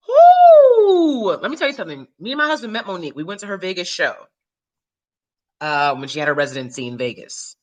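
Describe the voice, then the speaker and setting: A New York City woman who makes YouTube videos and acts chats casually with her viewers in a lowish voice. She's animated, swears freely, and breaks into loud shrieks and laughter.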